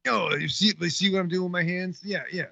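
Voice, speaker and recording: A man's voice: high-pitched, fairly even intonation, a little fast, gravelly, pushed and bright, dry recording. A man co-hosting a podcast, bantering casually and swearing playfully while he insists on his point. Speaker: podcast co-host. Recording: dull lo-fi sound.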